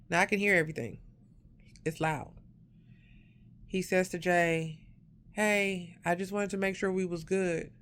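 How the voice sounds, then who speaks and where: A woman with a deep voice and clean tone tells a personal story in a casual storytime monologue. She acts out the voices in quoted speech and gets loud and sharp when indignant.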